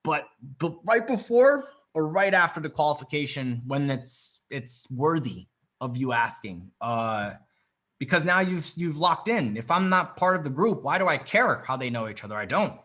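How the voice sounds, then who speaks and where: A man leads a live coaching session over a video call, his voice sitting a little high and carrying a bright, tense energy. He talks bluntly and confidently, swearing as he goes and pressing each point home. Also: expressive, moderate pace. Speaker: dating coach.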